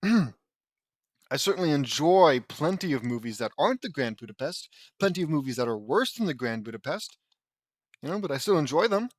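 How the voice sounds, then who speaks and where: A man's voice: a little high, very animated, moderate pace. A man reading fan fiction aloud and mocking it in sarcastic, rambling asides, often stumbling and restarting his words. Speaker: audiobook reader and commentator.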